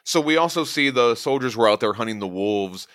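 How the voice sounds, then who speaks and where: Give me a man hosting a comic book podcast, bright voice, quoting the characters as he goes. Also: medium pitch, animated, brisk, no echo, clean studio sound. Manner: retells scenes with quoted lines. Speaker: podcast host. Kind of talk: casual comic book chat.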